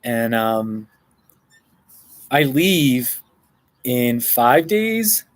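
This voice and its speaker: A man's voice: medium pitch, very animated, very slow, no room sound, poor audio. A man chatting casually on a live stream from a coffee shop, rambling and answering viewer comments. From Colorado.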